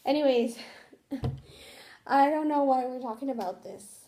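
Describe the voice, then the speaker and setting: Young female vlogger, loose rambling chat, slightly high, mellow tone. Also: takes it slowly. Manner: rambling, candid, swears casually, frequent fillers. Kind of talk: casual rambling vlog.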